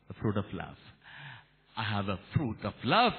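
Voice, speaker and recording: A man from India preaching a sermon as a Catholic priest, animated, asking rhetorical questions of his listeners. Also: lowish voice, moderate pace. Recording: echoey hall over a tinny narrow line.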